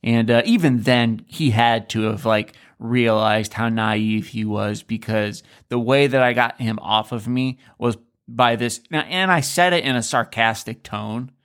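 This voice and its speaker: A man's voice: mid-range voice, measured pace, hardly any pauses, smooth. A man co-hosting a podcast from Alaska, telling a personal story in casual chat and acting out what people said. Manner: animated storyteller, acts out quoted lines. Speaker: podcast co-host.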